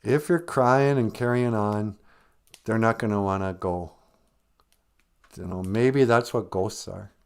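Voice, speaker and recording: A man hosting a live stream, talking casually about grief with gentle, self-deprecating humor while holding back tears. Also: on the low side, slow pace, long pauses, clean tone. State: close to tears.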